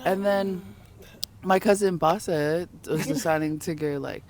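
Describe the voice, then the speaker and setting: A woman's voice: on the low side, normal speed. Young woman telling a story, laughing. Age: young adult. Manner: laughing, animated storytelling with quoted voices. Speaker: podcast guest. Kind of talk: casual storytelling chat.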